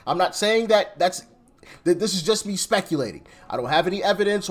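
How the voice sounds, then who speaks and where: A man with a slightly high voice talks through his reaction commentary in a loose, rambling way. He circles back, repeats words and restarts his sentences as he thinks aloud. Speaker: commentary channel host.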